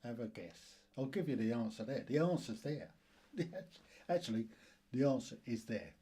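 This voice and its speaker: A man hosting a casual quiz video, chuckling often and reading the questions out slowly. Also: medium pitch, sing-song, warm tone, husky. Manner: chuckling, self-deprecating, reads questions slowly. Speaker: quiz host.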